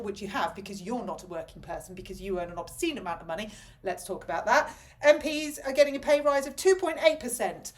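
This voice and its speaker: A woman delivering a ranting political commentary to camera, indignant, sarcastic and emphatic. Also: mid-range voice.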